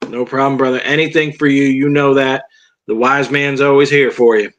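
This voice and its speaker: A man talks as a podcast guest in relaxed, casual chat. He comes across as easygoing and happy to keep talking. His voice sits at an ordinary middle pitch. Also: moderate pace. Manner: easygoing, talkative.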